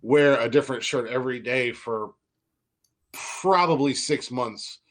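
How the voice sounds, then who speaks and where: A man's voice: mid-range voice, unhurried, fairly bright tone. A young man hosting a podcast, telling stories in a rambling, profane way and often stammering into restarts. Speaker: podcast host. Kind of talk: casual podcast banter.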